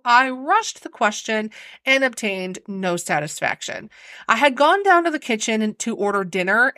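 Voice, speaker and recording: A woman narrating an old ghost story in an expressive, animated storybook reading. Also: on the high side, dry recording. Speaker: audiobook narrator.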